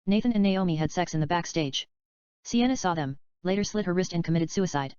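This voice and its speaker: Woman reading a script in a flat, even way. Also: lowish voice, a little fast, clean tone, dry recording. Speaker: audiobook reader. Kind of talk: plain scripted reading with speaker names read aloud. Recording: dull, slightly lo-fi dry recording.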